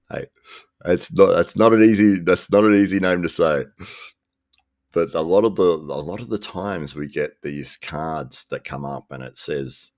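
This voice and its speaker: Super deep guy with some fry, dry close sound, rambling casual live chat. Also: dry recording. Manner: relaxed, rambling, chuckles often. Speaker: live show host reading chat.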